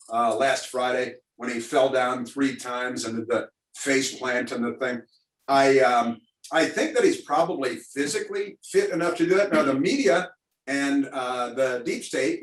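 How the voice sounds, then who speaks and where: A man's voice: medium pitch, fairly bright tone. A man hosting a political talk event over a video call, rambling and sarcastic with lots of fillers. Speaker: radio talk host. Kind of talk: opinionated political commentary to listeners. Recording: roomy, distant mic.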